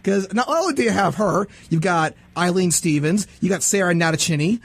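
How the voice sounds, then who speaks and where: A man hosting an interview, chatting casually in an excitable, rambling way and sometimes singing snatches of theme songs. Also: high-pitched, a little fast. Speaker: podcast host.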